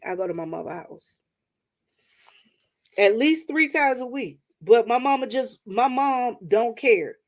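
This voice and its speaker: An older woman, telling a family story casually to her viewers. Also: a little high. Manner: animated, talks straight to listeners. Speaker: vlogger.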